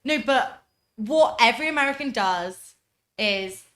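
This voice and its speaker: A young woman from England with an English accent, telling travel stories on a casual podcast, loud and chatty. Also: a little high, animated, unhurried. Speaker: podcast co-host. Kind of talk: casual chat, storytelling.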